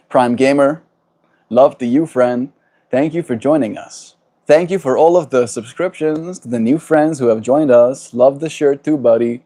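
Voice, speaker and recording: A man with a South African accent chatting gently on a livestream, greeting viewers and laughing often. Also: medium pitch. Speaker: livestreamer reading chat. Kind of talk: casual livestream chat.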